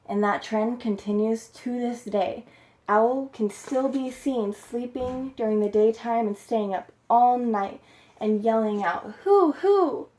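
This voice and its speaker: A woman's voice: on the high side, fairly even intonation, unhurried, dark tone. A woman telling a folktale in a plain, homespun way for a storytelling class. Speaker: student storyteller.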